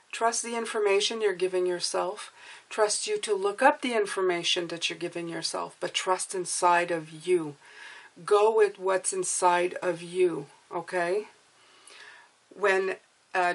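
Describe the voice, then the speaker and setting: A woman giving an earnest spiritual tarot reading, coaxing her viewers and often checking in with "okay?" and "you guys". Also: mid-range voice. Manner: emotional, coaxing. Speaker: tarot reader.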